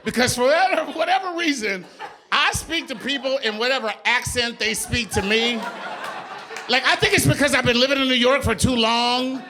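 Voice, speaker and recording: A man doing a stand-up comedy set on stage, telling a story in an animated, profane, exasperated way. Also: very high voice, moderate pace. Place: on stage before a live audience.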